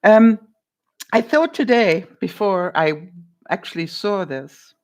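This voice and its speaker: A woman's voice: medium pitch, animated, takes it slowly, a little mellow. An older woman vlogger chatting casually with viewers on a live stream from her home, laughing often and calling people by name. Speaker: vlogger answering live chat.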